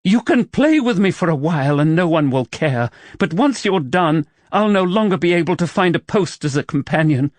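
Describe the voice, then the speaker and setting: A woman's voice: fairly low pitch, lively intonation, normal speed, few pauses, a little mellow, dry recording, pitched above the performer's own voice, close to an everyday voice. A man voicing a proud, wary young widow who works as a paid companion, speaking tensely and defensively in an audiobook. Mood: distraught.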